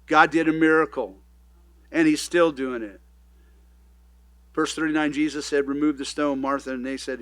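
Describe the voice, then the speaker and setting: A middle-aged man who pastors a church, preaching in a loose, conversational way, now loud and now hushed. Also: fairly high pitch, moderate pace, dry recording. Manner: conversational, animated preaching with sudden swings in loudness. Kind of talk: sermon.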